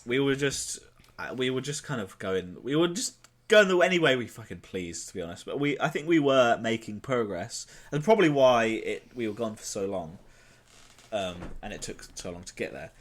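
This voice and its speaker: A man's voice: medium pitch, big pitch swings, normal speed. A British man co-hosting a comedy podcast, telling a made-up adventure in a rambling way, swearing and correcting himself as he goes. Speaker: podcast co-host. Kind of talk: casual improvised comedy chat.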